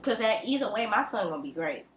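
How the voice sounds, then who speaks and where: A woman's voice: medium pitch, sing-song, quick pace, slight background noise. A woman, speaking bluntly and profanely in a direct-to-camera vlog rant at home. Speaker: vlogger. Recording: echoey room.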